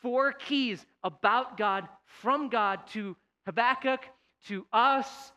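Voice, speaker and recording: Bright-voiced, high-pitched preacher. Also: male voice, takes it slowly. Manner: dramatic swings between loud pleading and quiet emphasis. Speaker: pastor. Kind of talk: sermon.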